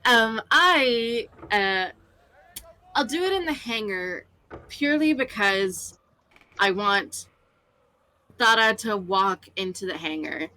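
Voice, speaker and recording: A woman's voice: medium pitch, animated, takes it slowly, pauses often, bright, forceful tone. A woman player in a tabletop role-play game, describing her character with many fillers and restarts.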